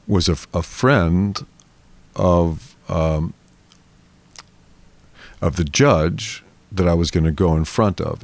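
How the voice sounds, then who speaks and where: Deep gravelly man telling a long story. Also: darkish tone, dry recording. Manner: rambling anecdotal storytelling, acts out quoted voices. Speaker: interview guest. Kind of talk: casual storytelling in a therapy interview.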